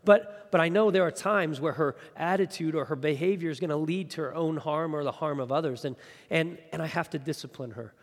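A man's voice: on the high side, fairly quick. Earnest preaching man in a reverberant hall. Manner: earnest, repeats words when starting phrases. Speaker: pastor. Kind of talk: sermon.

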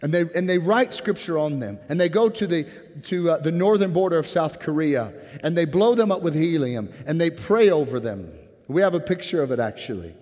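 A man preaching a sermon as pastor, earnest and impassioned, dropping to a hushed tone when he prays. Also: fairly high pitch, lively intonation, fairly quick. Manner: earnest, rising to impassioned then softening to a hushed prayer. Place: church sanctuary. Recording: church hall with long reverb.

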